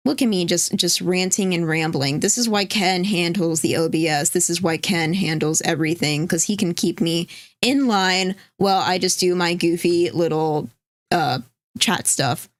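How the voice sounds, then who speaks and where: A woman's voice: lowish voice, moderate pace, dry recording. Rambling woman chatting on a livestream. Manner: rambling, reads chat aloud, swears casually. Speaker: stream co-host. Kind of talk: casual livestream chat.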